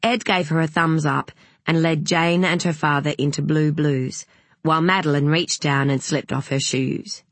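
An audiobook narrator reading a novel in an even, wry storytelling manner. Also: medium pitch, moderate pace, no echo.

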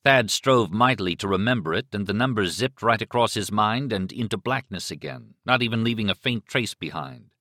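A man narrating a novel as an audiobook in an expressive, dramatic reading style. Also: lowish voice, brisk, hardly any pauses, no echo, studio quality. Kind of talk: scripted narration.

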